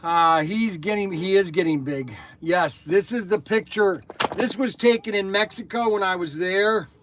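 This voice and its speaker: An older man hosting a live toy shop show, pitching products with pushy salesman hype and repeating himself as he talks. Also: unhurried, background noise.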